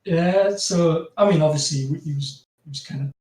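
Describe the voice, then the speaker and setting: His voice is a little high and darkish, delivered at a normal speed. He's a strongly accented Geordie from North East England, a graphic designer chatting casually as a podcast guest, rambling, laughing often and saying "you know" again and again, in a roomy recording distant from the mic.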